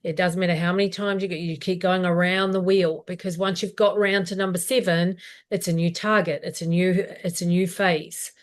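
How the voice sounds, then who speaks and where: Speaking at normal speed in a fairly low pitch, a woman co-hosts a business live stream. Her manner is steady and practical, and she asks questions out loud while explaining.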